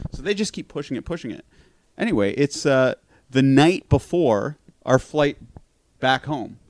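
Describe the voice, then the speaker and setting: A man telling a long story in casual conversation, animated, swearing freely and laughing at his own account. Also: mid-range voice, no room sound.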